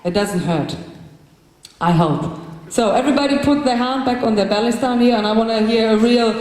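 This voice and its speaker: A woman leading a live vocal workshop for a group, explaining breathing and screaming technique and demonstrating shouts and growls herself. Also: a little high, moderate pace. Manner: instructive, breaks into loud demonstration shouts and growls. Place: large hall with a live group. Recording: very echoey hall from a distance.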